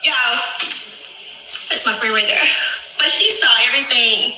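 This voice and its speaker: A woman's voice: fairly high pitch, expressive, unhurried, pushed and bright, reverberant, a little hiss or hum, rough recording. A woman in a candid interview clip, blunt and profane, talking emotionally and laughing through it. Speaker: reality TV cast member.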